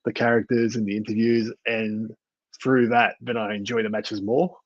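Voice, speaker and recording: A man's voice: on the low side, level tone, moderate pace, dry recording, highs cut off. A man co-hosting a wrestling review podcast in casual chat, rambling with many fillers and restarts. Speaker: podcast co-host.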